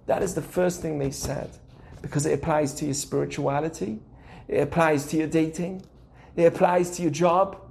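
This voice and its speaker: A young adult man hosting a casual teaching podcast, animated and acting out the voices he quotes. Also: on the high side, moderate pace, gravelly. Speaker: podcast host.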